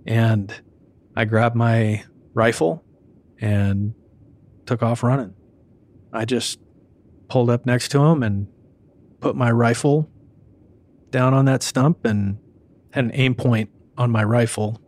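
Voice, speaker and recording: A man, a police detective, recounting an incident in an interview in a steady, matter-of-fact way. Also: medium pitch, slow pace, pauses often.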